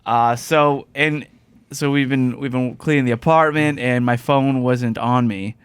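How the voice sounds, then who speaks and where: A man's voice: mid-range voice, fairly even intonation, a little slow, smooth, no room sound. A man hosting a casual podcast chat, telling a rambling anecdote with plenty of laughter. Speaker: podcast host.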